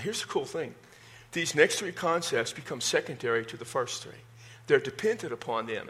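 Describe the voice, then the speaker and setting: A man's voice: medium pitch, a bit bright. A middle-aged man with a Texas accent, a pastor preaching a conversational sermon with self-deprecating humor. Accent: Texan.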